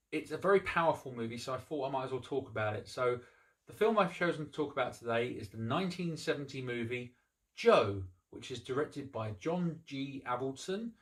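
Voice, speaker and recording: A man hosting a casual movie review, retelling the plot in a relaxed way with frequent ums and restarts. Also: medium pitch.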